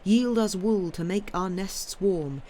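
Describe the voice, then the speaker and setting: Lady reading as an earnest young shepherd poet, soft and sincere, storybook. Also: medium pitch, slow, pitched above the performer's own voice, natural voice. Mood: wistful. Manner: earnest, tender.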